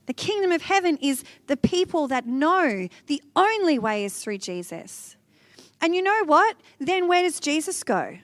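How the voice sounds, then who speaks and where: A woman giving an animated, conversational devotional talk, speaking directly to her listeners. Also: high-pitched, no room sound.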